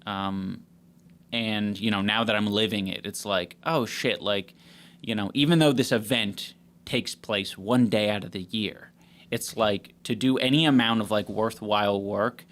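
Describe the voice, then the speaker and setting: A man's voice: fairly low pitch, steady tone, a little slow, fairly bright tone. Man rambling with dry crude humor. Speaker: podcast host. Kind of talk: casual chat.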